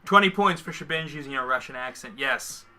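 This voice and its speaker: One of two livestream co-hosts on a shared microphone, a man chats and jokes while painting miniatures, often leaving thoughts unfinished. He speaks a little fast in an expressive, bright, forceful mid-range voice, with slight background noise.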